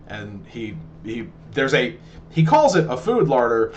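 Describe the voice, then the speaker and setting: A man narrating as game master of a tabletop game, talking in a halting way with many restarts. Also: medium pitch, huge pitch swings, a little hiss or hum.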